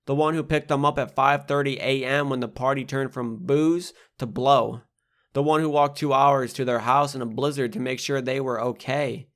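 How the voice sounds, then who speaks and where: A young man with a voice of ordinary middle pitch reads his own poems as an audiobook. His delivery rides a steady hip-hop rhythm, landing hard on rhymes and swearing bluntly and without apology. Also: normal speed. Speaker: poet reading his own book. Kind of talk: spoken-word poetry reading.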